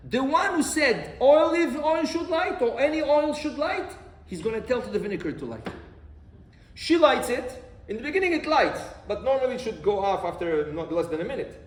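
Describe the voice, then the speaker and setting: A man with a very high, brisk voice delivers a rabbi's sermon, full of animated stories and rhetorical questions. The recording sounds roomy, with a distant mic and faint background noise.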